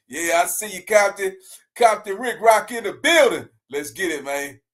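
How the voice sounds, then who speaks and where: A man giving casual, slangy reaction commentary, laughing often and breaking into loud bursts. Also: high-pitched, expressive, measured pace.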